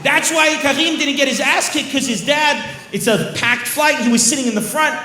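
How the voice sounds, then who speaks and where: A male stand-up comedian telling a story on stage, animated and acting out characters. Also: extremely high pitch, moderate pace. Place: comedy show venue. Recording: echoey venue with faint ambience.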